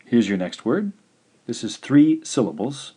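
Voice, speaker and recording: A man teaching in a recorded video lesson, patient and slow, saying each syllable out clearly. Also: mid-range voice, sing-song, warm tone. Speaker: language teacher.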